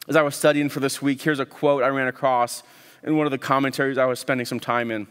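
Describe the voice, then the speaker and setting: A man's voice: mid-range voice, fairly even intonation, fairly bright tone, smooth. Earnest man preaching in a reverberant hall. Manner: earnest, with frequent word repeats and pauses. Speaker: pastor. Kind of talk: sermon.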